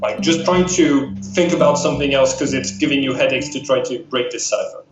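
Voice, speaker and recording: A man's voice: medium pitch, a little fast. A man with a French accent, a native French speaker, narrating and running a tabletop role-playing game as game master. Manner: descriptive, steady game narration. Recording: echoey room with music behind.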